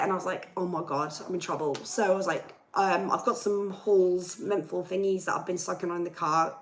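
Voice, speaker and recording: A woman's voice: medium pitch, sharp tone, poor audio. A young woman hosting a casual livestream and ranting to viewers, her voice chesty and worn. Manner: chatty, ranting, reads viewer comments aloud. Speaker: livestream host and singer. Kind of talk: casual live chat with viewers.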